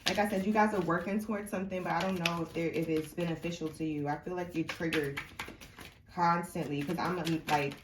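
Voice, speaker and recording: Young woman, tarot reader, low and a bit stuffy-nosed, rambling casual delivery, off-mic in a roomy space. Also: steady tone, brisk, recorded from a distance, background noise. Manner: chatty and rambling, many fillers and restarts. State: congested sinuses. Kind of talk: casual tarot reading to camera. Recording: echoey room, mic set back.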